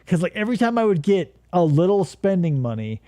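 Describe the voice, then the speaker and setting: A man's voice: sits high, sing-song, a little fast, warm tone, dry recording. Podcast host, man, profane sarcastic riffing, dry close sound. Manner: crude, profane, sarcastic joking. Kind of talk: casual riffing commentary.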